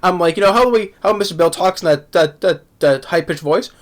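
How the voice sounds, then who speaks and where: A man giving a casual spoken anime review, halting with many restarts and repeated words, laughing often. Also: high-pitched. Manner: laughs often while talking.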